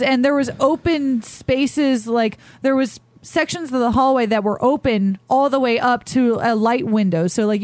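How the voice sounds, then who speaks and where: A woman in casual chat on a podcast, chatty and expressive. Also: on the high side, no echo.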